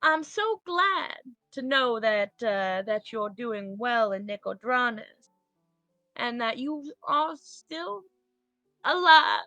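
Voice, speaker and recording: A woman's voice: a little high, animated, takes it slowly, bright, forceful tone, dry recording, soft background music, heavily acted. A woman voicing a loving homesteading mother who misses her child, in an attempted Southern accent and a tender, doting manner.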